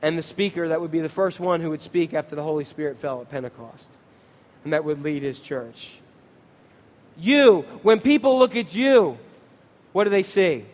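High-voiced preaching man in a reverberant hall. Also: normal speed. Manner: animated, asks the congregation questions. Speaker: pastor. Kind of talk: sermon.

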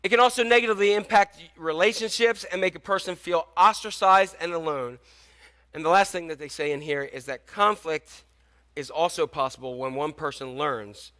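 A pastor with a fairly high, bright, forceful voice preaches at normal speed. His sermon feels conversational as he poses questions to the congregation and tells anecdotes.

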